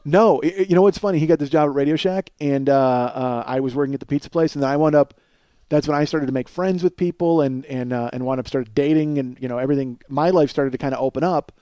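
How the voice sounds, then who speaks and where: A man's voice: on the high side, quick pace, dark tone, clean tone, dry recording. A man in his forties telling a long personal story in a casual, profane way, often laughing as he talks. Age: 40s. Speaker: podcast storyteller.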